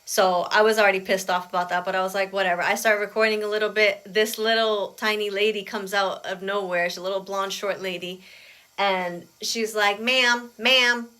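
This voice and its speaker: A woman's voice: medium pitch, level tone, a little fast, fairly bright tone. A woman telling a story in a casual vlog, chatty and aggrieved, full of "I was like.". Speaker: vlogger recounting an airport experience.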